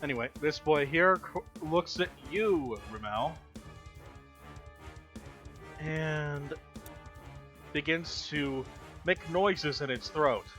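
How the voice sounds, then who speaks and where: A man narrating a tabletop game as game master, calm and matter-of-fact. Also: on the high side, slow, pauses often, faint music behind. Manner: relaxed, matter-of-fact rulings.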